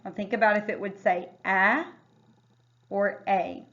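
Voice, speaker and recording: A woman teacher walks young readers through a phonics lesson. She speaks at an unhurried pace and sounds out each word piece by piece. The recording is a little dull and lo-fi. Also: mid-range voice, fairly even intonation, a bit bright. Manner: slow, careful word-by-word sounding out.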